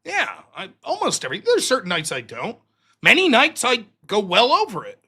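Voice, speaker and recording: Animated, profane American man streaming. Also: extremely high pitch, normal speed, breathy edge. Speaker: streamer and show host. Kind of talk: casual livestream monologue.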